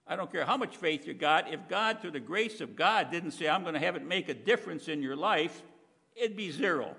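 A man preaching a sermon in a folksy, conversational way, often clearing his throat. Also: a little high, a bit bright, big-room sound.

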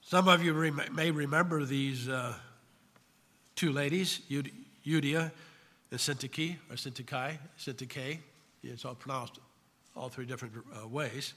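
A man's voice: mid-range voice, a little slow, pauses often, bright, forceful tone, long reverb tail. A man preaching a sermon as pastor, emphatic, putting questions to his congregation.

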